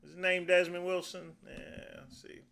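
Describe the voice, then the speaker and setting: A man's voice: high voice, level tone, moderate pace, vocal fry, sharp tone, clean tone. A middle-aged man hosting a casual livestream, rambling in a folksy way and calling his viewers "folks.". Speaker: livestream host.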